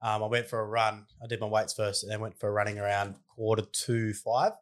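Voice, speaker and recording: A man interviewing a player in a relaxed, chatty way, with "um" and "I mean" fillers. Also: on the low side, brisk. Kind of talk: casual interview chat.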